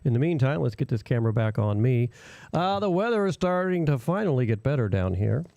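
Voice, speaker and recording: Casting: man hosting a live radio show, gravelly and animated, chatty with plenty of fillers. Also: mid-range voice, brisk, dry recording, highs cut off. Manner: rambling, chatty, with frequent fillers. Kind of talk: casual live radio chat. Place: small home radio studio.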